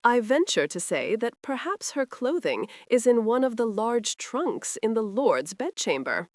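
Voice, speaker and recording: A woman's voice: a little high, big pitch swings, measured pace, dry recording, studio quality, voice pushed up. A woman voicing a clever young noble bride who speaks mildly but pointedly. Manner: mild yet pointed.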